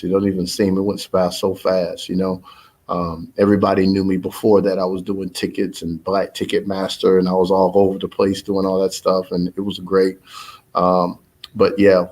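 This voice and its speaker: A man, likely in his thirties, giving a rambling, motivational update to his followers about his business, with many fillers and restarts. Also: sits low. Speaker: business owner addressing followers. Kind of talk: casual spoken update.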